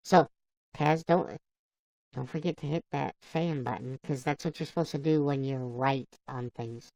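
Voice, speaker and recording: A woman hosting a live stream, chatting casually and haltingly as she answers viewers by name. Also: extremely low pitch, darkish tone, no room sound. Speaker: livestream host. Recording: dull lo-fi dry sound.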